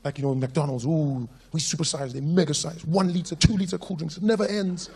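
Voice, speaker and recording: A South African stand-up comedian with a high voice, telling his stories with animated, playful energy. A faint hum of the room sits behind him. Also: brisk.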